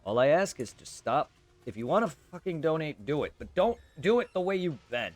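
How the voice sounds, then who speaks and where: A man's voice: on the high side, big pitch swings, a little fast, no echo. Frustrated male streamer venting to chat. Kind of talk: live stream chat to viewers.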